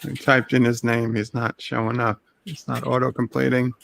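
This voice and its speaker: A man's voice: mid-range voice, normal speed, creaky, slight background noise. A man hosting a casual live stream, chatting and thanking viewers for donations. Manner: relaxed, reads out chat donations. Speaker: streamer host.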